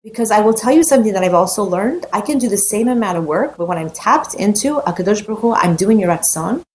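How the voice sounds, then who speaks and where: A woman's voice: medium pitch, lively intonation, fast, a little mellow, slight background noise. Heartfelt, emphatic woman Torah teacher. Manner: heartfelt, emphatic, repeats phrases; mixes in Hebrew terms. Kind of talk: personal weekly Torah talk.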